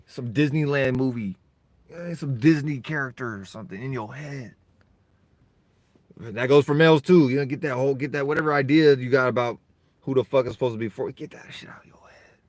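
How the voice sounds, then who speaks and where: A man, ranting in a rambling solo monologue, profane and heated, swinging between loud bursts and low mutters. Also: no echo. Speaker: monologuing creator.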